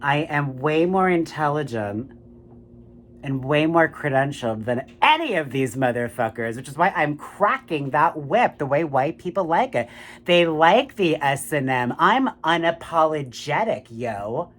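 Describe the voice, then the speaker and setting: A man's voice: a little high, measured pace. A man delivering a ranting political monologue. He swears a lot and keeps turning to the listener with "my friends, right?". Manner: animated, profane, keeps saying "my friends, right?".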